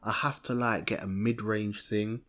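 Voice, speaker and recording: A young man, co-hosting a podcast in a lively, chatty way, often restarting mid-sentence. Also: lowish voice, measured pace. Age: young adult. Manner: animated, chatty, self-interrupting. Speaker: podcast co-host. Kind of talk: casual chat.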